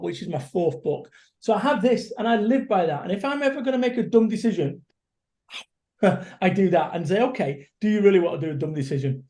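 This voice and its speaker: Middle-aged motivational speaker from Manchester; high, warm-toned, blunt and energetic. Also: male voice. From Salford, Manchester, England. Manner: blunt, energetic, swears casually. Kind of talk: casual interview chat.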